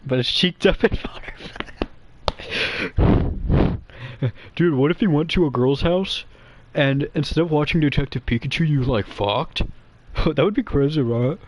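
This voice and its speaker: A man's voice: on the high side, no room sound. A young man rambling crudely and nervously as a guest to some streamers, giggling as he goes. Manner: nervous, quick and quiet. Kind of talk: rambling comedic chat.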